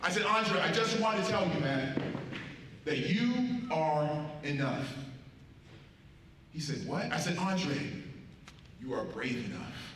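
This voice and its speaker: A man tells stories at a school assembly and acts out each voice in them. His voice sits a little high for a man. The recording is heavily echoey, picked up from far across a big hall. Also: takes it slowly, long pauses, slight background noise. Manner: animated storyteller, acting out quotes with big swings in loudness. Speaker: motivational speaker at a school assembly. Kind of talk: storytelling speech to students.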